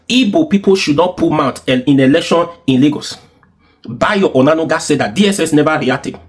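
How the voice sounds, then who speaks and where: A man's voice: on the high side, husky. A man with a Nigerian accent giving heated, insistent commentary full of rhetorical questions and repetition. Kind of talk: opinionated political commentary.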